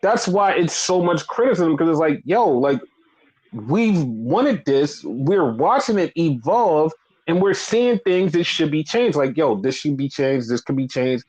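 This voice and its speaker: A man's voice: a little high, sing-song, measured pace, darkish tone, breathy edge, poor audio. A man co-hosting a casual wrestling podcast, ranting with lots of swearing and repetition. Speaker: podcast co-host.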